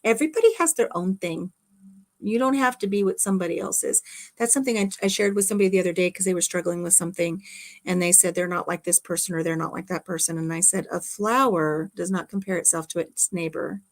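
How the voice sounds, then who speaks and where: This livestream host is a middle-aged woman speaking quickly in a lowish voice. She chats and rambles casually from her home craft room, reading out comments from viewers.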